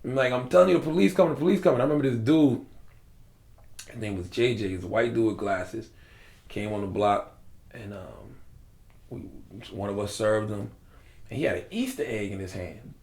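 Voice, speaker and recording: Gravelly man from South Carolina. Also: on the low side, normal speed, echoey room. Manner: casual, slangy, animated storytelling. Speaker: guest. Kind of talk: storytelling in an interview.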